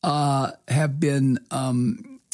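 A man's voice: medium pitch, steady tone, extremely slow, a little mellow, dry recording, studio quality. A man giving solo political commentary, reading news aloud and breaking off into profane, sarcastic rants with many fillers and restarts. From from the US state of Georgia.

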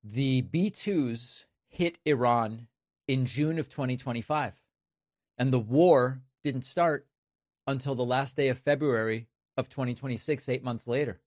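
Sarcastic political commentator, male, mid-pitched, dry studio sound. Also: unhurried, darkish tone, no echo. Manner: emphatic, sarcastic. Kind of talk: opinion commentary.

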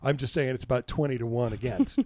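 A man's voice: medium pitch, steady tone, fast, a little mellow, dry recording, studio quality. A man co-hosting a podcast with his wife, joking and swearing freely in casual chat. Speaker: podcast co-host.

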